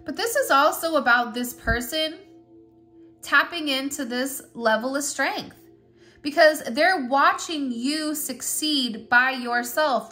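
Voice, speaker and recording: A woman's voice: sits high, sharp tone. A young adult woman giving a rambling, chatty tarot reading to her viewers, with frequent restarts. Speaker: tarot reader.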